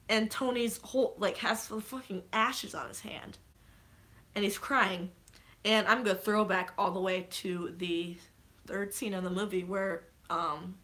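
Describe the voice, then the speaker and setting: A young woman vlogging in casual chat, excitable and rambling, with frequent swearing. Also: medium pitch.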